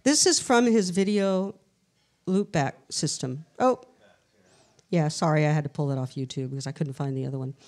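A woman with a somewhat low voice talks as a guest on a live podcast. She tells her stories in a lively, chatty way, often acting out the voices of the people she quotes. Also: moderate pace. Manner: animated storyteller, acts out quoted voices. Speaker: interview guest, researcher. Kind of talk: casual storytelling interview. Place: live event in a castle venue.

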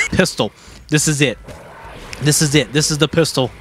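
Young man, gameplay commentary, excitable, repeats himself, lively pitch, faint background noise. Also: normal speed, long pauses. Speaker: gaming streamer.

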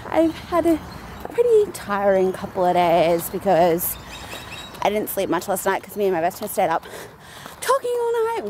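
High, lively young woman vlogging. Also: a little hiss or hum. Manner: chatty and rambling, with frequent "so yeah" and "um". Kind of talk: casual daily vlog.

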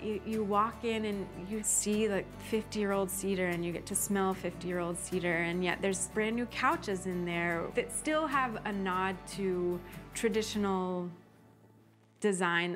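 A woman's voice: on the low side, normal speed, over music. A woman homeowner speaking earnestly and reflectively in an interview, sometimes repeating words as she thinks. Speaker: homeowner and designer. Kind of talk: interview talk.

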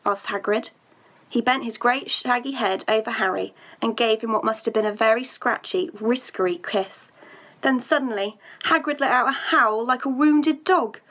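A woman's voice: fairly high pitch, normal speed, a bit bright. A woman teacher reading a story aloud to her pupils, then chatting about a task with a few hesitant fillers.

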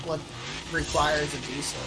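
Slow-talking foul-mouthed woman gamer. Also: deep voice, fairly even intonation. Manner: profane trash-talking, bursts into shouts. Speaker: game streamer. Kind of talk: live gameplay commentary.

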